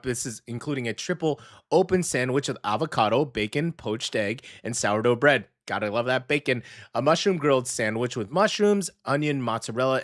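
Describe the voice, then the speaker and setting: An American man hosting a casual radio food segment, chatty and animated, often correcting himself mid-sentence. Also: medium pitch, no echo, clean studio sound. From United States. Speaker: radio host. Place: radio studio.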